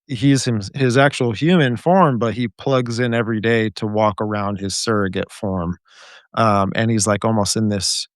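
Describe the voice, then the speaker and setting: Low-voiced man hosting over a dry call. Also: dry recording. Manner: rambling and speculative, many fillers and restarts. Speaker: podcast host. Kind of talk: casual conversation on a podcast. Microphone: video call.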